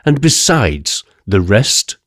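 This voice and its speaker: A man's voice: lowish voice, big pitch swings, slow pace, a bit bright, no echo, clean studio sound, heavily acted. A man voicing an indignant, scornful older male scientist and father in an audiobook.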